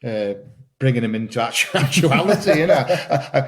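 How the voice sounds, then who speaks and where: A man talking as a podcast guest in casual conversation, enthusiastic and halting, often repeating words as he starts a thought. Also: fairly high pitch, expressive. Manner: enthusiastic, laughs while talking. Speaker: podcast guest, green woodworker.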